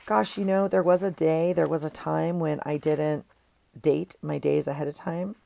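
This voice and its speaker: Low, gravelly chatty woman crafting. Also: steady tone, moderate pace, warm tone. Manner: chatty, rambling, talks to viewers as friends. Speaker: craft vlogger. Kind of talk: casual chat while crafting. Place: home craft desk. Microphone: earphone mic.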